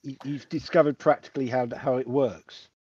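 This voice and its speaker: A man's voice: medium pitch, fairly even intonation, moderate pace, lo-fi sound, crowd noise. A man chatting as a player in a tabletop game, joking and stumbling over his restarts. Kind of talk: casual chat in a tabletop game.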